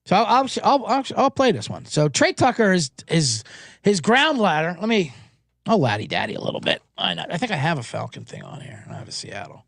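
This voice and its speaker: A man hosting a sports betting show, talking casually and telling anecdotes with quick character voices. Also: high voice, vocal fry, dry recording, studio quality. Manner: animated storyteller, doing quick voices in anecdotes.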